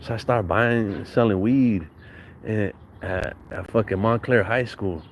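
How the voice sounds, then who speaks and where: A man with a lowish voice tells a loose, rambling story. His talk is full of street slang and swearing, and he often restarts a thought midway. The delivery stays relaxed and conversational throughout. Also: a little slow, a little hiss or hum, poor audio. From San Bernardino, Southern California. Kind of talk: casual storytelling.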